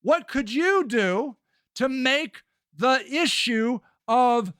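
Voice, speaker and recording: A man's voice: very high-pitched, animated, extremely slow, a bit bright, dry recording, clean studio sound. A middle-aged man hosting a live stream, reading chat and talking back in a sarcastic, profane, rambling way.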